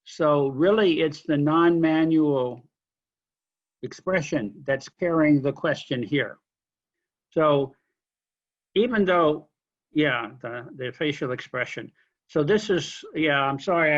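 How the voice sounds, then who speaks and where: A man lecturing a linguistics class, explaining question forms slowly with examples and apologizing for being unclear. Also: a little high, dull audio. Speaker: linguistics instructor.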